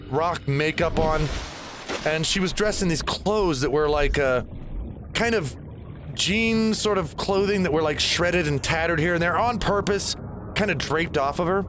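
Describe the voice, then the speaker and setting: A man's voice: high voice, background noise. A man in his forties telling a rambling personal story while playing a game, with game sounds behind him. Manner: rambling, animated, swears at the game. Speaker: gaming storyteller host. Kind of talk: personal storytelling over gameplay.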